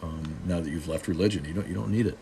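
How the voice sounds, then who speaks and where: Low-voiced, snarky man from Boston, middle-aged, hosting a loose live-stream chat. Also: fast talker, gravelly, mellow, slight background noise. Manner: snarky, joking, loose with many restarts. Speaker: live stream host answering viewer comments.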